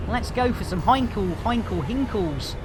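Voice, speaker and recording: A man's voice: sits high, animated, unhurried, background noise. A man giving comic, theatrical commentary while streaming a game. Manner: jokey, theatrical, stand-up patter.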